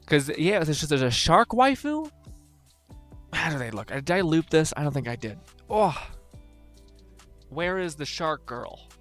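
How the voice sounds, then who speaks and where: A man's voice: on the high side, sing-song, unhurried, long pauses, a bit bright, faint music behind. A young man streaming, rambling and swearing casually while reading chat, laughing often.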